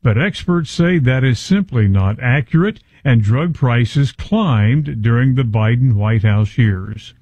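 A man filing a scripted radio news report in a steady reading voice. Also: mid-range voice, slow, few pauses, no echo, muffled recording.

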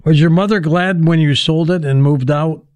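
A man's voice: a little high, moderate pace, clear, resonant tone, dry recording. A man hosting a radio talk show, asking questions and reading the closing credits. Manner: warm sign-off, reading a list of credits. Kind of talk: late-night radio talk.

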